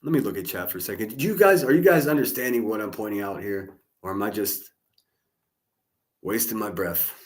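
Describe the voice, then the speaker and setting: A man reacting on a live stream in a fairly low voice. He is sarcastic and heated, and he swears as he talks to his chat. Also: a little fast.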